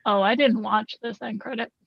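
Podcast co-host: playful woman, husky and gravelly, lo-fi dry mic. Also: fairly high pitch, steady tone, no echo. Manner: playful, quick agreeing interjections. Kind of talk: casual chat reviewing a series.

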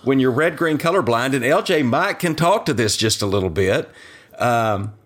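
A man talks in a lively, swooping voice on a casual podcast. He rambles through a story, laughing partway through his sentences. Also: mid-range voice, moderate pace. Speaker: podcast co-host.

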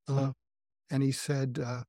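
A man's voice: medium pitch, flat delivery, takes it slowly, mellow, no room sound. Older man, earnest, dry close sound. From New England, US. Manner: earnest, reflective, self-revealing. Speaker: psychiatrist guest. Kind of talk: candid personal storytelling.

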